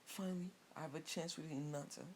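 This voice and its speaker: A man's voice: mid-range voice, a little fast, mellow, slight background noise, natural voice. A man voicing a cocky, boastful young male ninja rival in a slightly raised voice.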